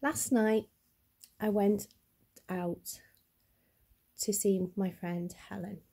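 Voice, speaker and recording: Middle-aged woman, upset vlogger, halting and stammering, slow husky delivery, mellow tone. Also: mid-range voice, steady tone. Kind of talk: personal vlog to camera.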